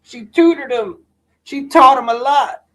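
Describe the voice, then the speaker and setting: A man's voice: very high-pitched, measured pace, pushed and bright. A man hosting a live stream, telling rambling stories with lots of swearing and slang. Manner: profane, slangy, rants full of "bro" and "dude". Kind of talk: casual rambling storytelling.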